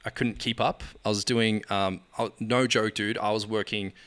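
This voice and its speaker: A man's voice: lowish voice, moderate pace. A man, a guest on a podcast, telling stories casually and acting out the dialogue with lots of laughter. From Australia. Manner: animated storyteller acting out dialogue, laughing often. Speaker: guest, agency founder.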